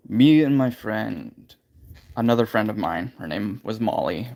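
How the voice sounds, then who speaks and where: A man's voice: lowish voice, expressive, unhurried, creaky, darkish tone. A man hosting a livestream, candidly telling a personal story in a casual, rambling way full of filler phrases. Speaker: livestream host.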